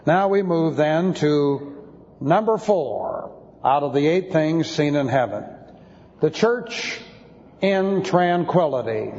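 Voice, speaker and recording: A man's voice: fairly high pitch, a little mellow. A man teaching an expository sermon, spelling out Greek words letter by letter. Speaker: Bible teacher. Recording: dull lo-fi sound with long hall reverb.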